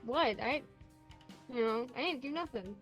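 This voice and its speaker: A woman's voice: a little high, animated, moderate pace, a bit bright, faint music behind. A woman playing a slimy, laid-back adventurer. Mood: defensive. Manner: shrugging, offhand, amused. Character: slimy, easygoing male adventurer.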